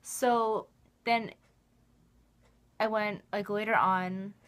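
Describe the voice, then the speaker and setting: A woman's voice: mid-range voice, steady tone, drawn-out words, a bit bright. Young woman rambling in a fan vlog. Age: young adult. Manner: rambling, emotional, heavy use of "like". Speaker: vlogger.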